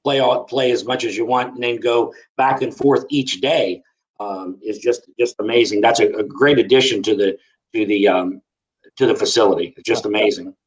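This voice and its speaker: A man's voice: fairly low pitch, fairly even intonation, normal speed, poor audio. A man co-hosting a casual interview, enthusiastic, often restarting his sentences.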